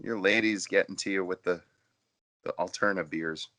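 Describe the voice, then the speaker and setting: A man co-hosting a podcast, chatting casually over drinks in an animated, rambling way with lots of fillers and restarts. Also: sits low, moderate pace. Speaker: podcast co-host.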